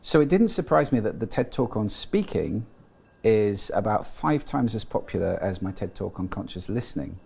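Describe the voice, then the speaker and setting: A man's voice: fairly low pitch, very animated, moderate pace, vocal fry, darkish tone, breathy edge. A British man talking in an interview, explaining carefully, with frequent restarts and fillers. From Britain. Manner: thoughtful, explanatory, with frequent restarts and "you know". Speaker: guest, sound and speech expert. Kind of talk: interview conversation.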